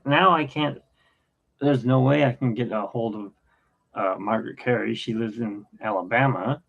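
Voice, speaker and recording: Gravelly man in his fifties, rambling. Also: medium pitch. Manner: rambling, anecdotal, halting with fillers. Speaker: podcast host. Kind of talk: casual rambling chat. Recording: dull lo-fi sound.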